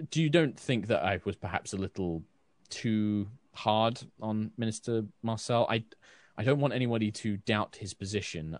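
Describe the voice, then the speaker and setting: Picture a weary, stern woman knight captain in a tabletop game, as a man puts her on, her words halting and soft. The voice sits low and plain. The sound is close and dry, with no room in it. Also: no echo, natural voice.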